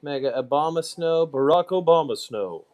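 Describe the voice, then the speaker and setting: A man hosting a casual live stream, muttering to himself while sorting items and throwing quick asides to the chat. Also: a little high, expressive, a little mellow, muffled recording.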